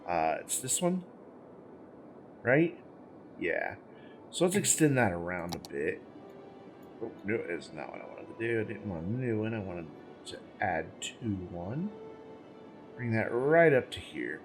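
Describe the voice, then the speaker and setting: A man's voice: fairly low pitch, very animated, a little slow, pauses often, soft background music. A man hosting a gaming channel, giving casual let's-play commentary as he plays, thinking aloud, rambling and correcting himself, with the hiccups.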